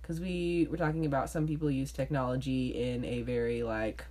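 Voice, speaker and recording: A woman's voice: very deep voice, steady tone, moderate pace, warm tone. A woman co-hosting a casual podcast from her bedroom, talking in a sing-songy, giggly, rambling way. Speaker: podcast co-host. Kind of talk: casual chat.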